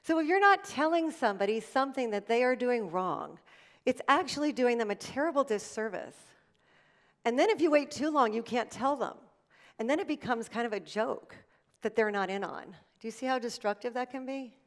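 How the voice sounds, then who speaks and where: A middle-aged woman giving a motivational keynote at an event, telling stories with dramatic pauses. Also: on the high side. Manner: animated storytelling with dramatic pauses. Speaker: motivational speaker. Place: event hall.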